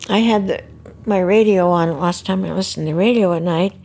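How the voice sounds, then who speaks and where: An older woman recalling, in a halting and reflective way, how she heard terrible news. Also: lowish voice, creaky, darkish tone, slight background noise. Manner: halting, reflective, pauses and restarts. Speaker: bereaved mother interviewee. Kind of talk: personal recollection.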